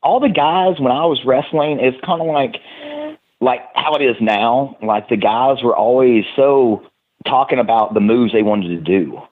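A man's voice: mid-range voice, measured pace. Tennessee man on a tinny line. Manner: relaxed storytelling with many restarts. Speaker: wrestler guest. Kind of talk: casual interview chat. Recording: phone-like remote audio.

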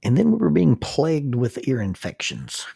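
A middle-aged man hosting a podcast, telling family stories in a folksy, unhurried way and reading sponsor messages. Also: medium pitch, huge pitch swings, vocal fry, warm tone, slightly rough, dry recording, studio quality. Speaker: podcast host. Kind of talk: podcast storytelling with sponsor reads.

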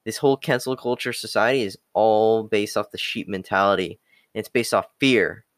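A man's voice: on the low side, fairly even intonation, normal speed, a bit bright, no echo, clean studio sound. A young man giving a blunt, profane motivational rant, repeating catchphrases like okay and the hard truth. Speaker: self-improvement talker.

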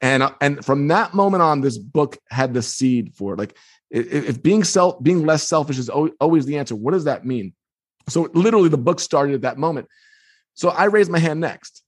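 A man, an author being interviewed, telling a story with energy and quoting others in lively voices. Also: fairly high pitch, moderate pace. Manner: quotes others in lively put-on tones. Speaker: author and guest. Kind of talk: animated storytelling.

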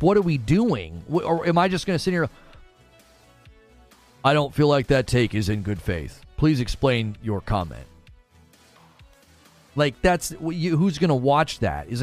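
Young male streamer, lively pitch, faint music under him, conversational gaming host. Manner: animated, talking back to chat. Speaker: gaming news show host. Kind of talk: casual livestream talk.

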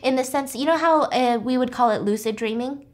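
A young woman hosting a podcast, recapping a story in a chatty, animated way full of "like". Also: a little high, fairly quick. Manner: chatty, animated, heavy use of fillers like "like". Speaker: podcast host.

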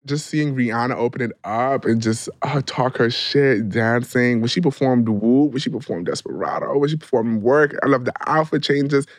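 Expressive podcast man from New York. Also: medium pitch, moderate pace, hardly any pauses, no echo, clean studio sound. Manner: expressive, slangy and dramatic. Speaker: podcast co-host. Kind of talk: casual chat.

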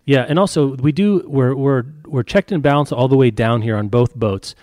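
A man's voice: medium pitch, moderate pace, darkish tone, no echo, clean studio sound. A man co-hosting a podcast, chatting casually about a film with wry, joking asides and mock outbursts. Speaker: podcast co-host.

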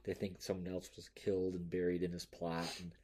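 Low-voiced man hosting casual true-crime chat. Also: monotone, a little fast, mellow, breathy edge. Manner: reads notes loosely, swears casually, laughs often. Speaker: podcast host. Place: home room with a noisy cat.

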